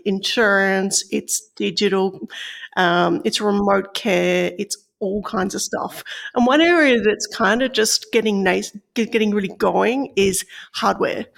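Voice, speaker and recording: An Australian woman talking in a loose, chatty way, thinking aloud as she explains a tech story. Her voice has a strong vocal fry running through it. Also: mid-range voice. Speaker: podcast co-host, tech reporter. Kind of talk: casual podcast chat.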